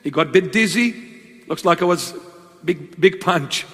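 High-voiced preacher in a big echoing hall. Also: male voice, a bit bright. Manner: slow, dramatic storytelling with emphatic pauses. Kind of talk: sermon storytelling. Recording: long hall reverb.

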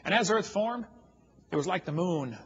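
A man's voice: high-pitched, lively intonation, normal speed, breathy edge, dull audio. A man giving a humorous lecture to an audience, telling stories in a folksy, joking way. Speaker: creationist speaker.

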